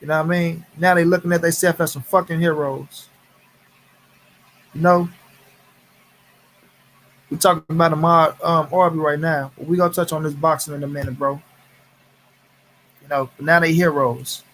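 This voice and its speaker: Man, livestream host, angry, profane, repetitive, slightly higher voice. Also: fairly even intonation, moderate pace, pauses often, fairly bright tone. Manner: heated, profane, repeats phrases for emphasis; greets viewers in chat by name. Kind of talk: angry casual livestream commentary.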